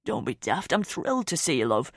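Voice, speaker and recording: A woman voicing a warm, jokey older father with a soft, lowered voice. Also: sing-song, fairly quick, no echo, studio quality, full character voice. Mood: fond. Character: warm older British dad, gentle, jokey.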